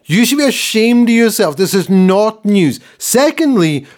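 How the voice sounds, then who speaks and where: Animated ranting man, sports podcast. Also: sits high, a little slow. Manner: animated ranting, mock voices, laughs. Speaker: podcast co-host. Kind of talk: ranting casual sports chat.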